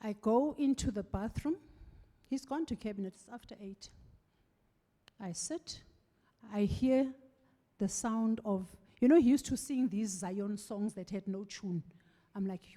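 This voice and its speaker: A woman's voice: mid-range voice, moderate pace. A middle-aged South African woman giving a farewell speech, telling stories and acting out the voices of the people in them. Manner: animated storytelling, acting out quoted voices. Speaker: farewell speaker. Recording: echoey hall with long reverb.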